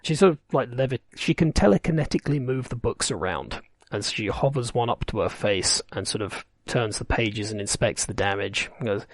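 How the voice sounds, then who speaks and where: A man's voice: mid-range voice, expressive, normal speed, dry recording, studio quality. A man running a tabletop game, narrating in a rambling, wry way that corrects itself as it goes. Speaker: game master.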